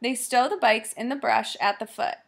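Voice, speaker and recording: A woman reads a story aloud in a measured, vivid storytelling voice. Her pitch sits a little on the high side. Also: gravelly, breathy edge. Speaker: audiobook narrator. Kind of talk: scripted story narration.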